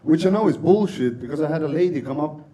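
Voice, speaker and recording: High-voiced Estonian man doing stand-up. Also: quick pace. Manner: deadpan, sweary, laughing at own jokes. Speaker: stand-up comedian. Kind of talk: open-mic stand-up set. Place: comedy club stage with audience.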